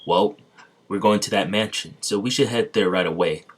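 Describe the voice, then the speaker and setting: A man's voice: lowish voice, normal speed, a little hiss or hum, lightly acted. A man voicing an eager, jokey young male knight in a spoken fan story, reading the lines plainly in his own voice.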